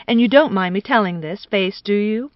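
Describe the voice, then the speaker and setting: A woman's voice: mid-range voice, normal speed, no room sound, dull audio, natural voice. A woman voicing a jovial, affected middle-aged man with a droll, mock-theatrical manner.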